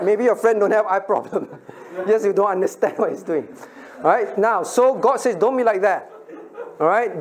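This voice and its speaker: A man's voice: high voice, a little mellow. A middle-aged man, a pastor giving a playful Bible lesson to children and asking them questions. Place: church room with children.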